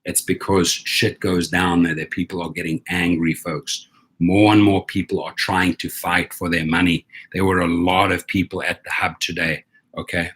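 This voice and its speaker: A man's voice: sits low, fairly bright tone, breathy edge. A man telling viewers an indignant story about his treatment, often checking in with "right?". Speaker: rideshare driver and channel host. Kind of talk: casual storytelling rant to camera.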